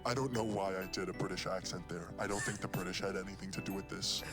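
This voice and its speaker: A man's voice: sits low, fairly even intonation, fast talker, lightly acted. A man voicing a rambling, opinionated game monster. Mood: ranting. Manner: rants in mock-serious tone, voice jumps up for emphasis. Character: rambling casual male monster, easygoing and opinionated. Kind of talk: game character dialogue. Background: game music.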